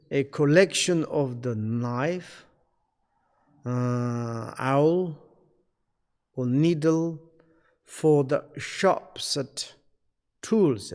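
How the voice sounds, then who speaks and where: A man giving a spiritual teaching in halting English, searching for words, with many fillers and throat-clearing. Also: mid-range voice, darkish tone, in a large hall. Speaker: Buddhist teacher.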